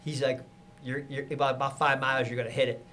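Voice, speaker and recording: A man, a podcast guest, telling a lively story in casual conversation and acting out the people he quotes. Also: medium pitch, fast. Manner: animated, acts out quotes with laughter.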